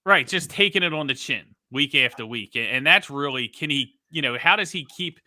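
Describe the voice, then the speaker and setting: A man co-hosting a casual sports podcast, talking in an animated way and mocking the coach he quotes. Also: a little high, a little fast, dry recording. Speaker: podcast co-host.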